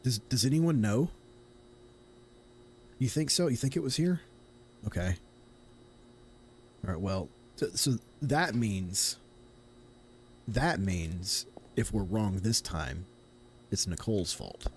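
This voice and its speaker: A man's voice: on the low side, expressive, takes it slowly, pauses often, slight background noise. A young man from Tennessee streaming a horror game, chatting casually and thinking aloud in a rambling, self-correcting way. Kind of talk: casual live gameplay commentary.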